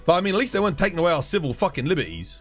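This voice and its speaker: British male streamer, heated sweary rant, animated delivery, soft music behind. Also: a little high, rapid-fire. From United Kingdom. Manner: heated, swears a lot, keeps saying "dude". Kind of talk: casual live-stream rant.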